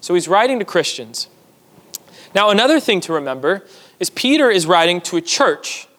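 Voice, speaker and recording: A man's voice: high-pitched, sing-song, normal speed, a bit bright. A man preaching a sermon to his church, teaching in a conversational way with asides to the congregation. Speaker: pastor. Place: church sanctuary. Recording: long hall reverb.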